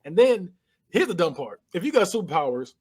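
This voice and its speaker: A man's voice: sits high, big pitch swings, a little fast, a little mellow, husky. A man co-hosting a podcast, animatedly retelling a film scene by scene with sound effects and laughter. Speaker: podcast co-host. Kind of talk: casual movie recap chat.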